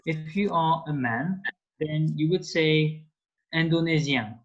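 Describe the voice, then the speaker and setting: Slow, patient French teacher man. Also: a little high. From France. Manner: patient, slow explanations with many fillers. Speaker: language teacher. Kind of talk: online language lesson. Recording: dull lo-fi call audio.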